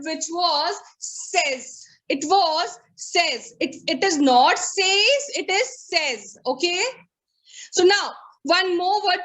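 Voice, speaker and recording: A woman with an Indian English accent teaching pronunciation in an online class over a video call, drilling words slowly, repeating them and checking that students follow. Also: very high voice, pushed and bright, rough recording.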